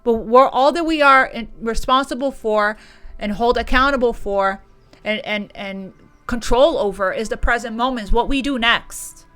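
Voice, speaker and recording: A woman's voice: fairly high pitch, bright, forceful tone. A woman giving an emotional tarot reading, gushing and repeating words as she channels messages. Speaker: tarot reader.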